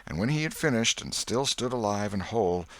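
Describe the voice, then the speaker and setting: A man reading an audiobook with dramatic, expressive narration. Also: lowish voice, a little fast.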